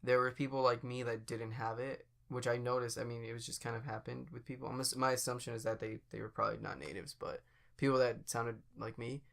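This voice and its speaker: A man co-hosting a podcast, laid-back and joking, often trailing off in halting, searching phrases. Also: mid-range voice, little pitch movement, creaky, fairly bright tone. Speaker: podcast co-host. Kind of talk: casual chat.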